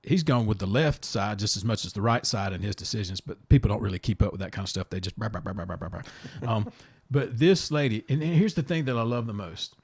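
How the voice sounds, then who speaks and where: A man's voice: lowish voice, a little fast, hardly any pauses, breathy edge. A man hosting a casual podcast, rambling from topic to topic, often restarting and repeating words, blunt in his opinions. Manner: blunt and animated. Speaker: podcast host.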